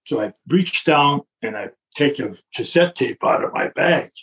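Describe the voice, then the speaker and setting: Older guy with a gravelly voice telling an old story, does all the quotes himself. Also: on the high side, unhurried, distant mic. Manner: animated anecdote with acted-out quotes and chuckles. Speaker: guest telling a wrestling story. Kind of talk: casual storytelling.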